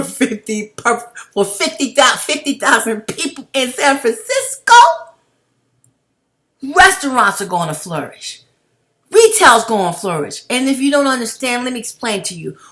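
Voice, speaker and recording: A woman on a heated commentary rant, her voice sitting a little high and ringing bright and forceful. She talks bluntly, swears freely and keeps calling her viewers family. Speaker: video blogger.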